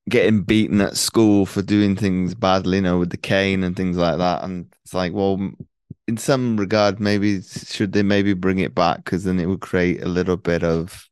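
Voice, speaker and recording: A man's voice: deep voice, level tone, unhurried, darkish tone, clear, resonant tone, dry recording. A man hosting an interview, asking long, rambling questions with many restarts. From North Wales. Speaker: podcast host. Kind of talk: casual interview.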